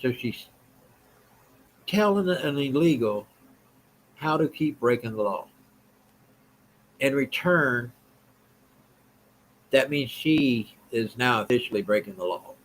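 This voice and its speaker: A man's voice: mid-range voice, measured pace, pauses often, a bit bright, a little hiss or hum, poor audio. A man hosts a live stream and speaks bluntly in a mid-range voice. He repeats his points and answers viewers' comments as he goes. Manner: blunt, repetitive, reads and answers chat.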